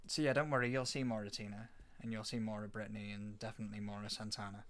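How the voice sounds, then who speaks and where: A man's voice: lowish voice, level tone, fast talker, a bit bright. A man co-hosting a podcast, chatting casually with many fillers and acting out quoted lines. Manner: chatty, lots of fillers, acts out lines from the show. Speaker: podcast co-host. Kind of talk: casual chat about a TV show.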